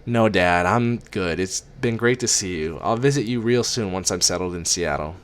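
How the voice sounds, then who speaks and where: A man's voice: low voice, moderate pace, close to an everyday voice. A man voicing a shy young woman who just graduated, speaking in a small, hesitant voice, read as an amateur audiobook. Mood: timid.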